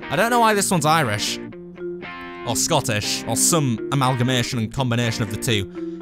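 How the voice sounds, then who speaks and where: A man's voice: medium pitch, moderate pace, over music. A man hosting a let's play, reading game text aloud and joking about it. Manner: jokey, animated. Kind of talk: gameplay commentary, reading dialogue aloud.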